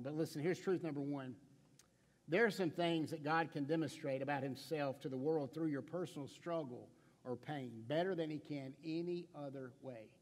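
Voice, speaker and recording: His voice is a little high, and it fills a large hall in a church sanctuary. The middle-aged pastor preaches conversationally and playfully, acting out quotes in his stories, posing rhetorical questions and restarting with stammers.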